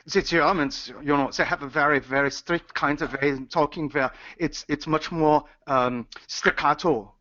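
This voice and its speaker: A man co-teaching a voice acting class, joking around and swinging his pitch up and down. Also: normal speed, hardly any pauses, sharp tone. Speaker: voice actor and co-teacher. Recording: dull lo-fi recording.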